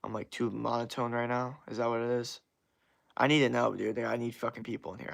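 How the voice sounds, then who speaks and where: Young male streamer, gravelly voice, profane rambling rant to chat. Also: mid-range voice, flat delivery, brisk. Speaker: livestreamer. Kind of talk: casual live stream chat.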